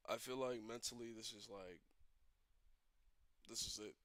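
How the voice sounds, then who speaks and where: A young man in visible emotional distress, ranting alone on a stream in a halting, repetitive, despairing way. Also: mid-range voice, level tone, fairly bright tone, dry recording. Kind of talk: emotional solo rant.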